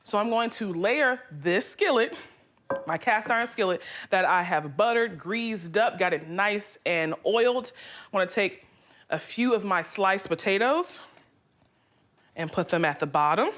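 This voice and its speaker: A woman's voice: medium pitch, expressive, unhurried, a bit bright. A woman chef explaining each step steadily in a cooking demonstration. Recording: music under voice.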